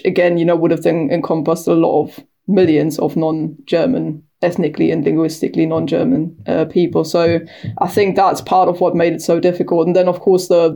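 Brief: woman guest historian, flat delivery, lower voice, long winding explanations. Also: gravelly. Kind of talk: expert conversation.

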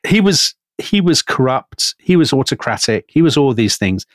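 A British man co-hosting a podcast, telling a history story in an animated way. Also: mid-range voice, moderate pace, no room sound. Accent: British English. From Britain. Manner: animated, storytelling, quotes figures with emphasis. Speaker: podcast co-host.

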